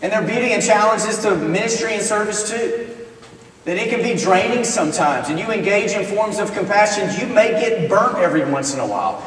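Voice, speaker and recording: A man preaching in a conversational, storytelling way, earnest and wry, his voice a little higher than most. He is picked up from a distance in a chapel, with a long echo trailing his words and a faint hum of the room underneath. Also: lively intonation, fairly quick, a bit bright. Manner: conversational, earnest, with self-deprecating humor. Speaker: minister. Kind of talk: storytelling sermon. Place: college chapel. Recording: echoey chapel from far off.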